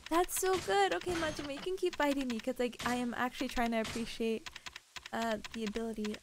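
A woman's voice: fairly high pitch, steady tone, fast, background noise. A woman streaming a game, chatting casually with viewers in a bubbly, giggly way. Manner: bubbly and giggly, chats with viewers while playing. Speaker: VTuber streamer. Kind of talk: casual gameplay stream chat.

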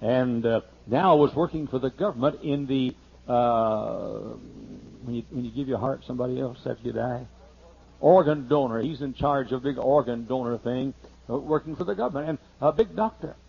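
A man pastor telling a humorous, folksy story during a sermon, slowing down to list items one by one. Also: mid-range voice, creaky, slightly rough. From United States. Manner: folksy and humorous, lists things slowly. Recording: muffled older sermon tape.

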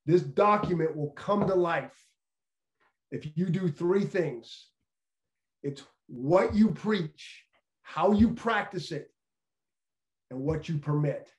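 A man's voice: a little high, slow pace, pauses often. A middle-aged man, a former football coach, giving an earnest motivational leadership talk and repeating key phrases for emphasis. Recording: echoey room.

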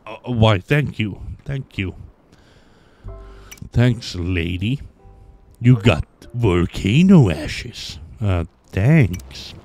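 A man's voice: lowish voice, animated, extremely slow, pauses often, mellow, soft background music. A man giving casual let's play commentary on a hidden-object game, grumbling sarcastically and swearing often.

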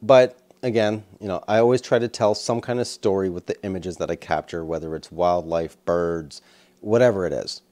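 Deep-voiced, easygoing male photographer. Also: moderate pace, a little mellow. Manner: easygoing, rambling with fillers. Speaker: wildlife photographer. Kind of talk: casual commentary over photos.

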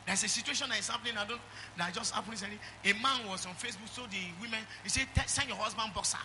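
High, bright Nigerian preacher man. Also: racing, a little hiss or hum. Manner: call-and-response preaching, swings from loud exhortation to soft asides. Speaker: pastor. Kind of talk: sermon. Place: church.

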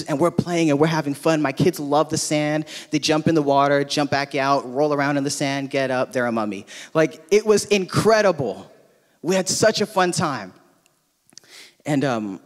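A man in his thirties, originally from Hawaii, preaches from a church stage in a casual, story-driven way with frequent fillers. His voice sits a little high for a man. A long hall reverb trails behind every phrase. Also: expressive, normal speed. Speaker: pastor. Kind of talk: sermon with personal storytelling. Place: church auditorium.

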